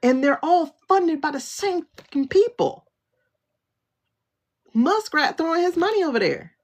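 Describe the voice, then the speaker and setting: A woman's voice: very high voice, animated, unhurried. A woman hosting a casual commentary livestream, mocking and laughing often as she fires off rhetorical questions. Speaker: livestream host. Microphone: phone livestream.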